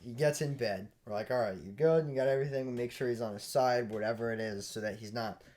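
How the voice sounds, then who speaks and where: A young man co-hosting a podcast, telling a story in a casual, animated way and laughing as he goes. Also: medium pitch, fast. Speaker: podcast co-host.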